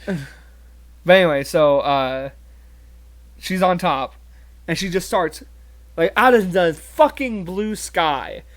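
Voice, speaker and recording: Crude, slightly high-voiced young man telling stories. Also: slow, long pauses. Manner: crude, laughing storyteller, full of "like". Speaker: podcast co-host. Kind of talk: casual chat.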